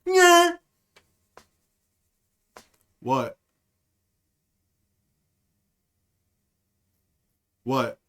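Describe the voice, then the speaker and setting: A man impersonating a deadpan teenage classmate who shouts out in class and then flatly denies it with mock innocence. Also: medium pitch, very slow, smooth, pitched below the performer's own voice, full character voice. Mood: feigned innocence.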